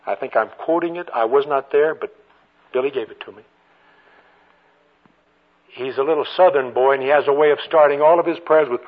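An older man preaching a sermon with storytelling, moving between ringing emphasis and hushed passages. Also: mid-range voice. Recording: tinny phone-like radio broadcast.

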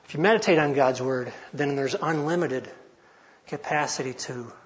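A man in his forties leads a Bible study in an earnest, conversational way, often restarting his phrases, as informal teaching talk. His voice is medium in pitch at a moderate pace. He is in a large hall, and the audio is dull.

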